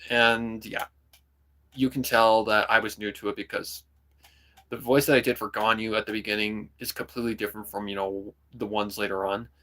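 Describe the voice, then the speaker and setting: A young man streaming, chatting casually and rambling about voicing characters, often breaking into quick voice demos. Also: on the low side, flat delivery, pushed and bright. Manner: rambling, full of "kinda" and "like", jumps into voice demos. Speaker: streamer and hobby voice actor. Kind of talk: casual livestream chat.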